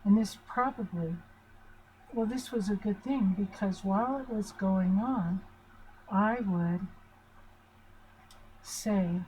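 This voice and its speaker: A woman's voice: medium pitch, slow pace, pauses often, warm tone, a little hiss or hum, rough recording. An older woman giving an informal, chatty lesson at a board, asking her listeners questions to reassure them. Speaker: family relationship teacher. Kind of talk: informal talk at a whiteboard.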